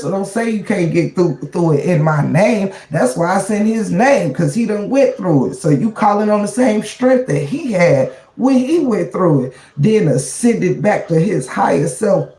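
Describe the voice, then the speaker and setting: A woman's voice: mid-range voice, a little mellow, echoey room. A woman hosting a casual livestream, slangy and preachy, often exclaiming "child" and "Lord". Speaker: livestream host.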